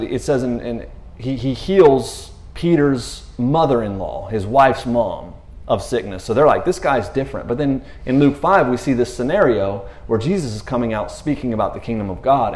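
Animated man preaching. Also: medium pitch. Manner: animated retelling, acting out characters, laughing asides. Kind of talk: casual sermon.

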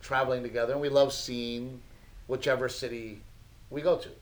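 A man's voice: medium pitch, steady tone, normal speed, poor audio. A man in his thirties, a podcast co-host, telling family stories in a casual chat, laughing often and acting out his son's lines.

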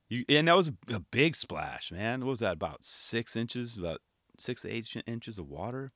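A man's voice: mid-range voice, very animated, a little fast, sharp tone, no echo, clean studio sound. A man giving casual commentary on a skate video in laid-back skater slang, often tagging on "right?" and "you know".

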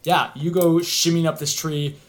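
A man's voice: fairly high pitch, level tone, normal speed. A man running a tabletop game as game master, narrating in a rambling way with many ums and uhs.

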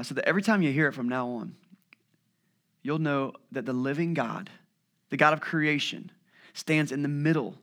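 A man in his thirties preaching a sermon as pastor, telling lively stories and acting out family voices, then dropping to a hushed voice on heavy points. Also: medium pitch.

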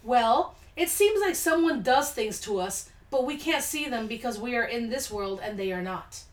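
A woman's voice: on the high side, lively intonation, moderate pace. A woman hosting a casual podcast, reading listener stories aloud and reacting with blunt, laid-back asides. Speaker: podcast host. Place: home studio room. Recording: echoey room.

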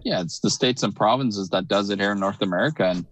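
Animated man, dry close sound. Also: lowish voice, fast, dry recording, poor audio. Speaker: co-host. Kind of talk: casual live-stream talk.

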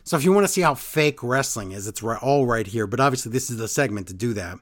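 Guy recapping a show, lively up and down voice, does little impressions. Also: medium pitch, fast. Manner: animated storyteller, mimics people in quotes. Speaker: podcast co-host recapping wrestling. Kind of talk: casual chat.

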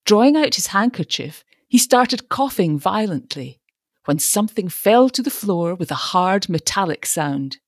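Expressive woman reading a story. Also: mid-range voice, a little slow, dry recording, clean studio sound. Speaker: narrator. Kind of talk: audiobook narration.

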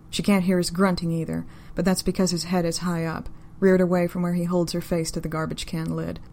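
A woman narrating a story in an even, unhurried, deadpan reading style. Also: lowish voice, vocal fry, slight background noise.

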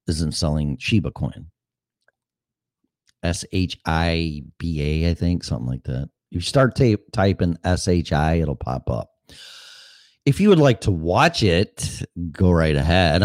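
A man's voice: very deep voice, a little mellow, no echo, clean studio sound. A man in his fifties hosting a show, talking in a rambling, profane, blunt way. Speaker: podcast host. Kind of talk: casual monologue.

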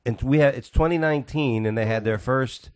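A man's voice: mid-range voice, a little fast, darkish tone, no echo, studio quality. A man hosting a casual podcast chat, rambling with restarts and swearing often.

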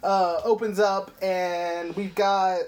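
A man's voice: high voice, slow pace. A young man co-hosting a casual film podcast, rambling through a movie recap with lots of swearing. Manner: rambling, profane, animated storytelling. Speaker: podcast host.

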